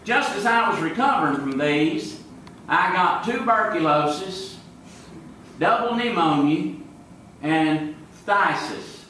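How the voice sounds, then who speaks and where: Southern male comic spinning slow folksy tales live, recorded from a distance in a booming echoey hall. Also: animated, sharp tone, a little hiss or hum. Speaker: comedic entertainer in character as a small-town deputy. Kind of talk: folksy stand-up storytelling to a live audience. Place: live venue before an audience. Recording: echoey room, distant mic.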